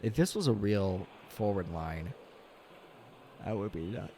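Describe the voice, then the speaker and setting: A young man streaming a hockey video game, casually commenting, swearing a lot and yelling at big plays, tired and yawning. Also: lowish voice, a little slow, gravelly, noisy background. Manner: excitable, swears often, yells at big plays. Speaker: gaming streamer.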